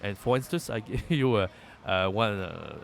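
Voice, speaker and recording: A man teaching a language lesson, patiently repeating words slowly for learners. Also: lowish voice, expressive, gravelly, a little hiss or hum. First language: French. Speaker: French teacher.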